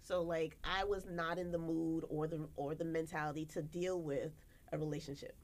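A young American woman chats casually as a podcast co-host, her voice sitting a little low for a woman. She tells stories in an animated way, leaping up in pitch whenever she acts out what someone said. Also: moderate pace. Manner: animated, acts out quotes with big pitch jumps. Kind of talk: casual storytelling chat.

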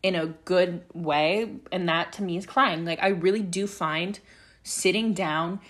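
A woman's voice: fairly low pitch, measured pace, a bit bright. A young woman hosts her own podcast alone, chatting candidly and a little aimlessly. She drifts from thought to thought, swears casually, and sounds open and unfiltered. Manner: rambling, frank, swears freely. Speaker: podcast host. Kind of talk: candid solo podcast chat.

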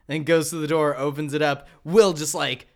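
A man co-hosting a podcast, excitedly retelling a movie plot and swearing casually. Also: a little high, normal speed. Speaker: podcast co-host. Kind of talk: casual movie recap chat.

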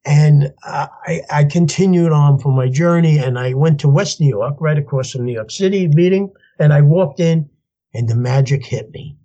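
An older man, a podcast guest telling his story in an animated way and laughing as he goes. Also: on the high side, moderate pace, lo-fi sound. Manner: animated, laughs as he tells stories, acts out voices in quotes. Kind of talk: storytelling interview.

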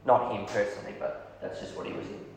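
A man preaching a storytelling sermon, lively, acting out the dialogue of the people in his story. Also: fast talker, slight background noise. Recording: echoey hall, heavy reverb.

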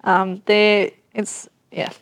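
A woman hosting a live podcast recording, thanking her guest and the school leadership with grateful, halting words. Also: mid-range voice, little pitch movement, no room sound. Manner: warm, grateful, hesitant with fillers. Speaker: podcast host.

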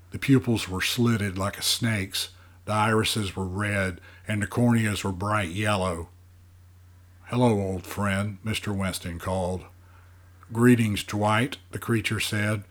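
Low-voiced man narrating a novel. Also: a bit bright. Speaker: audiobook narrator. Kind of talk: scripted narration of a dark fantasy novel.

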